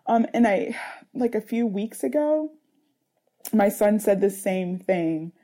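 A mother in her thirties talks things through in a personal interview. Her voice is deeply mellow and dark, and she pauses often to find her words. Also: lively intonation. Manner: earnest, searching, with many fillers.

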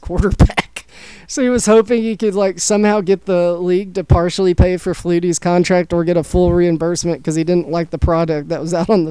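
A man's voice: high-pitched, dark tone, clear, resonant tone, dry recording, rough recording. A man hosting a casual podcast, walking through a story from his notes and slipping in dry jokes. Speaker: podcast host presenting a story.

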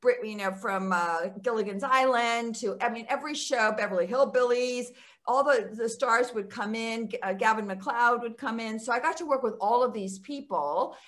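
A woman's voice: on the high side, normal speed, a bit bright. An older woman, a guest actress, telling stories of her career in a casual interview over a video call, chatty and often laughing. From Texas.

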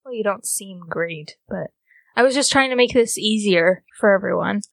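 A woman playing an anxious young woman who hesitantly tries to smooth things over. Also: mid-range voice, normal speed, no room sound. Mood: placating.

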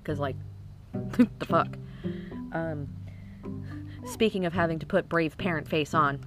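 A woman's voice: low-pitched, slow, long pauses, over music. Profane woman in her thirties, chatty. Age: 30s. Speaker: parent telling stories about her kids. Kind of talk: casual comic storytelling to camera.

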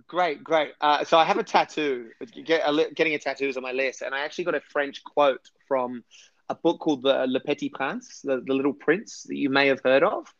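A man's voice: mid-range voice, brisk, a bit bright, dry recording. Man, interview guest, enthusiastic, rambling, dry close sound, slightly muffled. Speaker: podcast guest. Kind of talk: casual interview conversation.

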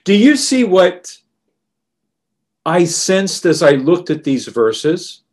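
Slow, earnest male preacher. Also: high-pitched, very animated. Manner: slow, earnest and deliberate, softening on quoted words. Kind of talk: sermon.

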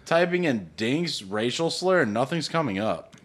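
A man's voice: medium pitch, very animated, moderate pace, a bit bright, breathy edge. A man co-hosting a podcast, joking crudely, laughing often and reading search results aloud. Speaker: podcast co-host. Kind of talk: crude casual banter.

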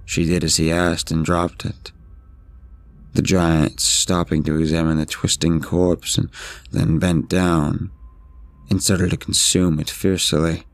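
Male horror narrator, scripted, measured, steady, extremely deep, flat delivery. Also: no echo. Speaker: storyteller.

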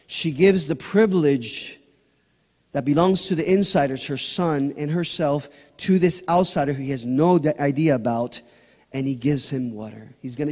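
A male pastor delivers a sermon in a high voice, pressing his points with passionate emphasis. His words ring out with a long reverb through a church sanctuary. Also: a little mellow. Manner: passionate preaching, rising to emphatic peaks.

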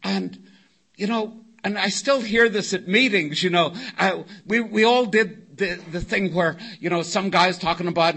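A man's voice: high voice, unhurried. An older man from California speaking at a recovery meeting, telling a long wry story and quoting people as he goes. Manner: wry anecdotal storytelling, quotes others in lively voices. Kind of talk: storytelling talk to a live meeting. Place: meeting hall before an audience.

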